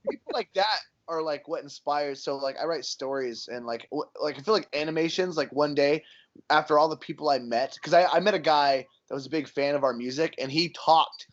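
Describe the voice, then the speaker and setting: A man's voice: a little high, a little fast. Male radio host, easygoing interviewer, muffled audio. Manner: relaxed, chatty, laughs along with guest. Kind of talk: casual interview chat.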